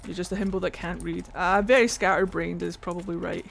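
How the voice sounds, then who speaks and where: A Scottish man chatting through a video game, gravelly and fry-edged at mid pitch. He rambles, thinks aloud and pokes fun at himself. A faint steady background ambience sits under his voice. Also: fairly quick, a little hiss or hum. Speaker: streamer playing a game. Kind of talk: casual let's-play commentary.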